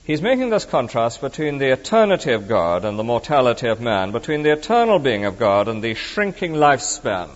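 A middle-aged man preaching a sermon in a conversational, animated way that swings between emphatic and hushed. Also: mid-range voice, fairly quick, hardly any pauses. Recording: dull reverberant hall recording.

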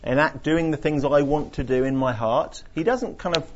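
Man, Bible teacher, earnest explaining, husky voice, dull lo-fi sound. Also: a little high, moderate pace. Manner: earnest explaining, with many restarts and fillers. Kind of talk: teaching talk to a group. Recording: dull lo-fi recording.

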